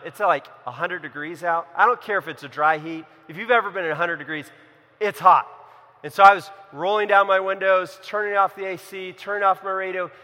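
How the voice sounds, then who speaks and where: A young man preaching in a large hall, with a fairly high, bright voice and long reverb trailing behind it. He tells a personal story, pushing some lines out loud and dropping others to a hush. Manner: storytelling, swings from loud emphasis to hushed. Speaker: pastor. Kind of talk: sermon.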